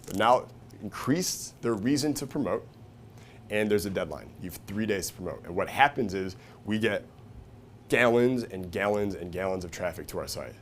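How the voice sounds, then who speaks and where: Faint room noise underlies this live seminar, where a speaker with a lower-than-average voice addresses his audience at a moderate pace. Casual and profane, full of energy, he constantly asks "right?" and "okay?" and acts out quoted voices with sudden loud, high-pitched shifts in pitch and volume.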